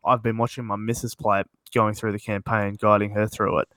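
A man's voice: lowish voice, little pitch movement, fairly quick, fairly bright tone, no echo, poor audio. A young man chatting on a podcast, joking and teasing with plenty of swearing. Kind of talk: casual chat.

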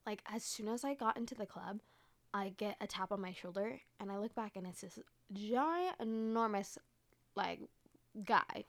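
A woman's voice: medium pitch, steady tone, normal speed, creaky, fairly bright tone. A woman in her twenties, from Arizona, telling a casual story as a podcast host, rambling, full of fillers and swearing. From Arizona, United States. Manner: profane, rambling, filler-heavy.

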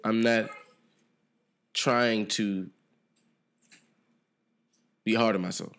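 A man's voice: fairly low pitch, steady tone, very slow, gravelly, fairly bright tone. A man hosting his own podcast alone, talking in a reflective, loose and profane way that trails off and restarts. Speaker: podcast host. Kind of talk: solo podcast monologue.

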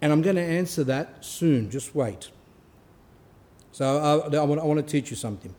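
A man who is a priest, giving an earnest sermon with pauses for emphasis. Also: fairly high pitch, animated, warm tone. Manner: earnest, pausing to stress points.

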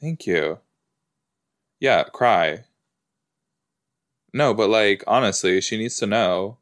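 A man with a lowish voice gives casual watch-along commentary on a podcast. He talks slowly and loosely, padding his thoughts with "like" and "you know". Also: animated. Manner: chatty, rambling, lots of "like" and "you know". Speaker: podcast host.

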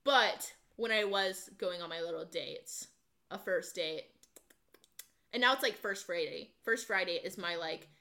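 Bright-voiced chatty young woman. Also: on the low side, measured pace, vocal fry. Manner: chatty storyteller, many "like" fillers, acts out quotes. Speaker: podcast co-host. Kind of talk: casual chat.

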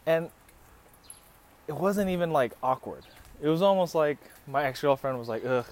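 A man's voice: fairly high pitch, expressive, a little fast, a little mellow. A man hosting a podcast, telling crude, joking personal stories with plenty of swearing. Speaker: podcast host. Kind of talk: casual storytelling. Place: living in the Philippines.

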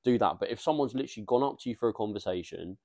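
A young man, co-hosting a casual podcast, blunt and quick to laugh. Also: lowish voice, animated, a crowd in the background. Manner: blunt, laughs often, reads out listener questions. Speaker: podcast co-host. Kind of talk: casual chat.

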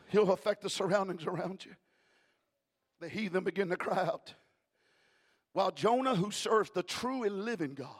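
A male pastor preaching a sermon in a rhythmic cadence, adding "uh" after each phrase and swinging between shouting and hushed tones. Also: high voice, breathy edge.

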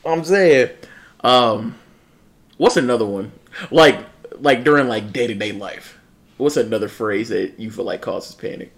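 A young man in casual chat, telling lively stories, mimicking people and laughing often. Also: mid-range voice, unhurried, creaky. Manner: animated storyteller, mimics people, laughs a lot, swears.

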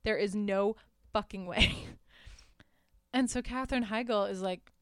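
A young adult woman hosting a podcast, recapping a horror film in a casual, animated way, laughing often and swearing freely. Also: mid-range voice, slow pace, no echo, clean studio sound. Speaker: podcast host.

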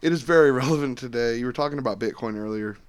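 A man with a mid-range voice co-hosting a laid-back podcast. He recaps stories in a loose, relaxed way, swearing freely as he goes. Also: medium pitch, very fast, clean tone. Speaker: podcast co-host. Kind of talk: casual chat.

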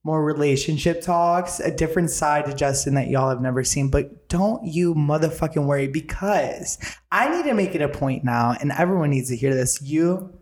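A young man and podcast co-host telling a story in casual chat, animated and profane, acting out the lines of everyone in it. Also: on the high side, moderate pace. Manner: animated, profane, dramatic retelling with lots of quoted dialogue. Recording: roomy echo.

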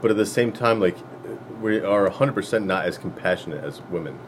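Blunt, swearing podcast guy, lowish voice. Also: lively intonation, a little fast, background noise. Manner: blunt, swears a lot, says dude. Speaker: podcast co-host. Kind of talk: crude casual chat.

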